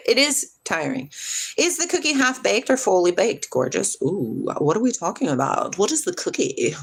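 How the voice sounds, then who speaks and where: A woman hosting a livestream, reading viewer comments aloud and answering them in a blunt, animated way, swearing freely. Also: medium pitch, normal speed, gravelly, husky. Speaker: livestream host. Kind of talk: casual chat reading live comments.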